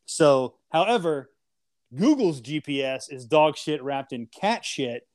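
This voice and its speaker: A man's voice: on the high side, big pitch swings, slow, background noise. A man co-hosting a casual podcast, ranting and joking with lots of swearing and mock insults. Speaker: podcast co-host.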